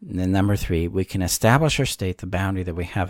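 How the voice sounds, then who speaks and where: A man teaching about codependency and boundaries, speaking gently and reassuringly, with frequent ums and likes. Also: sits low, quick pace, hardly any pauses, no echo, studio quality. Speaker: codependency coach and course teacher. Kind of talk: calm instructional talk to camera.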